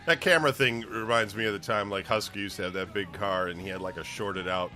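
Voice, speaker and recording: Male co-host, low bright voice, easygoing and quick to laugh. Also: faint music behind. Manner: reminiscing with easy laughs. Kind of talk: casual chat.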